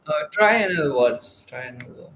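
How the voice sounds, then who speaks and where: A man hosting a livestream, speaking halting, hesitant English full of fillers while he chats with an AI. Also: medium pitch, animated, a bit bright. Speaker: livestream host. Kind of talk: casual chat with an AI.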